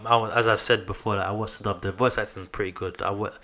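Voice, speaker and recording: A man's voice: fairly low pitch, steady tone, quick pace, pushed and bright. A man, chatting casually and rambling with slang as a podcast co-host. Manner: slangy, rambling, laughs often. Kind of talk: casual chat.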